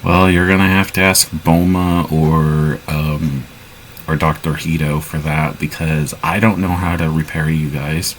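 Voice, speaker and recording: Very deep, slow, hesitant man. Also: little pitch movement, slight background noise, rough recording. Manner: hesitant, many restarts and fillers. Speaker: role-play player. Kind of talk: casual improvised role-play.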